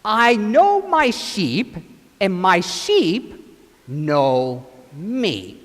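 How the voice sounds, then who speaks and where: Brief: gentle good shepherd speaking slowly, quoted by a preacher, long reverb. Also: male voice, high-pitched, sing-song, heavily acted. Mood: solemn. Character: Jesus as the good shepherd, calm and caring.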